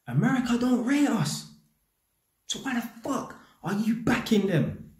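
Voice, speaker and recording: A man's voice: very high-pitched, very animated, unhurried, roomy sound. A man with a London accent giving a blunt, slang-heavy opinion rant straight to his audience, swearing freely. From England. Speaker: YouTube commentator.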